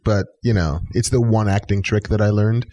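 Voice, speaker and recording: A man's voice: lowish voice, fairly even intonation, moderate pace, warm tone, highs cut off. A man co-hosting a podcast, joking and self-mocking in casual chat. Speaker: podcast co-host.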